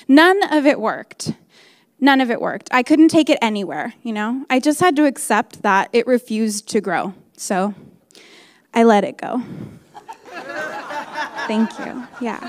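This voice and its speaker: A woman's voice: fairly high pitch, no room sound. Candid woman in her thirties doing stand-up. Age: 30s. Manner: candid, deadpan storytelling with quick voiced asides. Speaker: stand-up comedian. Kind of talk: stand-up comedy set.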